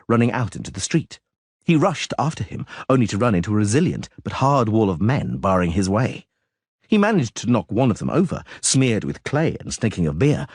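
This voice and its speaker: A man narrating an audiobook in a lower, steady voice between the characters he voices. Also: slightly rough, no echo, clean studio sound. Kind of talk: scripted narration.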